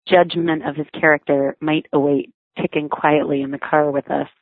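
Brief: woman, low voice, wry memoir reading, thin phone-like dry sound. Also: little pitch movement, normal speed, no echo. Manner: wry, reflective storytelling. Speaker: memoir narrator, mother.

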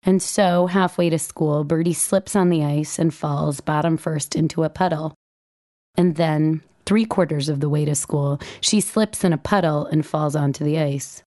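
Low, mellow-voiced woman reading wryly. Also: moderate pace. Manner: wry, dryly humorous storytelling; acts out dialogue with lively pitch jumps. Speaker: writer reading her own blog entry. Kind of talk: first-person essay reading.

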